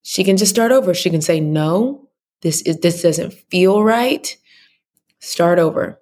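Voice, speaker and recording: A woman from Texas speaking as a podcast guest, an animated, expressive storyteller. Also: lowish voice, measured pace. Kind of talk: casual interview chat.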